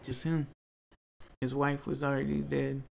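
A man's voice: mid-range voice, completely flat delivery, a little slow, creaky, a little mellow. A man being interviewed, telling personal stories in an earnest, rambling way that turns to pleading.

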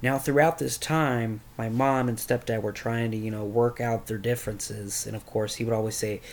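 A man's voice: mid-range voice, steady tone, moderate pace, hardly any pauses, a little hiss or hum. A young man candidly telling a personal story, rambling and swearing, as a podcast host. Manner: candid, rambling, with crude language.

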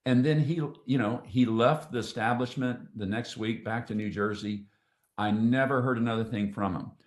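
A man, a podcast guest, earnestly and emotionally telling a faith testimony, often halting and restarting his sentences. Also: mid-range voice. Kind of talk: heartfelt testimony storytelling. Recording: echoey room.

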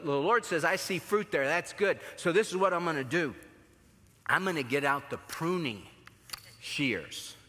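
A man preaching a sermon as pastor, telling stories and acting out the voices in them. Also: fairly high pitch. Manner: animated, acts out voices in his stories. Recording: long hall reverb.

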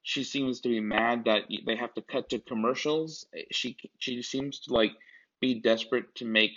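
A man's voice: mid-range voice, fairly even intonation, normal speed, fairly bright tone. A man co-hosting a podcast in casual chat, rambling with many restarts and asides. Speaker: podcast co-host. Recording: dull lo-fi sound.

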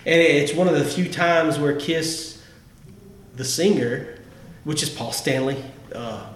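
Speaking slowly with a fairly high pitch, this male podcast host chats casually about favorite songs with real enthusiasm. He tends to restart his sentences. The recording comes from an echoey room with faint background noise.

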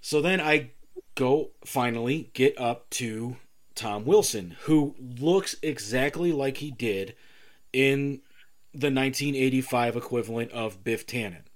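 A man's voice: medium pitch, a little slow. A man co-hosting a podcast, telling a story in casual chat and acting out the people in it. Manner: animated storyteller, acts out quoted exchanges. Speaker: podcast co-host.

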